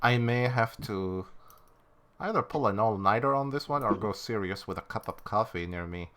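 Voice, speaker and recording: Man, low voice, casual, tabletop player, explains his moves. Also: moderate pace, a bit bright. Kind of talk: casual tabletop role-play.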